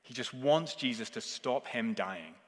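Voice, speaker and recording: A man delivering a sermon in a middle-pitched voice, earnest and searching. He pushes hard on key points and then falls almost silent for the weightiest lines. His voice trails off in the long reverb of a large church hall. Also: expressive, unhurried. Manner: earnest, swings between forceful emphasis and hushed intensity. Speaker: preacher.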